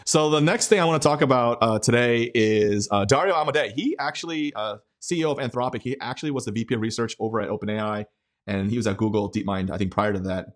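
Animated man explaining tech on a podcast. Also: mid-range voice. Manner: animated, explanatory, frequent fillers. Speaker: podcast co-host. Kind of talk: casual tech chat.

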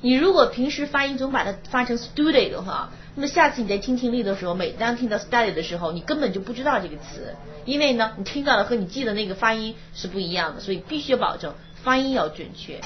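A woman teaching a university English class, explaining in Mandarin and slowly reading English lines aloud. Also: fairly high pitch, lively intonation. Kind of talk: classroom lecture. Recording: dull old classroom recording with faint hiss.

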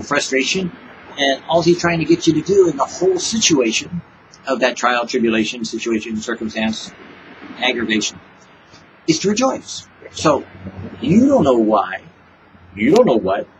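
A man's voice: mid-range voice, dull audio, noisy background. A man giving an informal devotional sermon, talking casually and acting out little back-and-forth exchanges with God. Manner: conversational, acts out little dialogues with God. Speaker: preacher.

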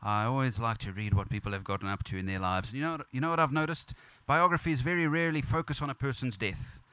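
A man's voice: mid-range voice, fast talker, pushed and bright, clear, resonant tone, dry recording. A man preaching at a funeral as pastor, earnest and repetitive, building emphasis. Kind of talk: funeral sermon. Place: church or funeral venue.

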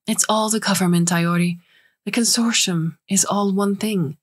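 A woman's voice: medium pitch, steady tone, moderate pace, husky, natural voice. A woman voicing a scheming older female alien scientist who speaks in urgent, clipped lines.

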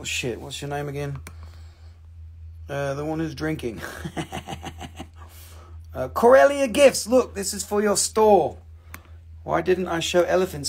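A man's voice: high-pitched, creaky, breathy edge. A man hosting a casual live sale, rambling and joking, swearing freely as he shows his pieces. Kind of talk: casual live sales stream.

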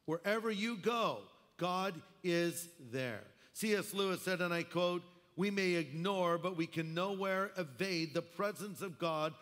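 A man's voice: high voice, a little slow, hardly any pauses, fairly bright tone. A man preaching a sermon as pastor, emphatic with wry asides. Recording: long hall reverb.

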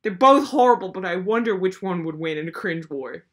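A woman's voice: on the low side, expressive, a little fast. A young woman hosting a comedic commentary video, ranting in a sarcastic, exasperated way. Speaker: video host.

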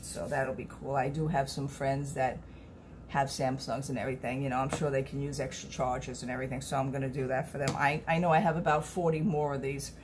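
A woman's voice: extremely low pitch, level tone, a little fast, noisy background. A middle-aged woman, chatting to camera in a rambling, earnest way as a vlogger. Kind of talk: casual chat to camera.

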